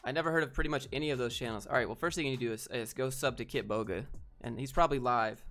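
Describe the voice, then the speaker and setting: A man on a casual livestream answering chat questions in a laid-back, low-energy way. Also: racing, a bit bright, faint music behind.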